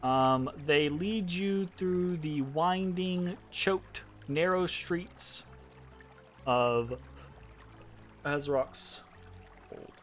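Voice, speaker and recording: Slow, hesitant male game master. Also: a little high, fairly bright tone, soft background music. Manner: hesitant, many ums and restarts. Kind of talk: narrating a tabletop game.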